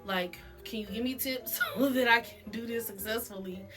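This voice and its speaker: A woman's voice: fairly high pitch, normal speed, music in the background. A woman vlogger telling a casual storytime, chatty and self-mocking, laughing often as she goes.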